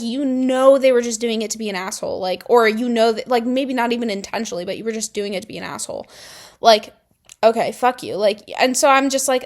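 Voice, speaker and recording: A young adult woman telling high school stories in a casual vlog, chatty with lots of filler words and exasperated outbursts. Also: quick pace. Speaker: vlogger.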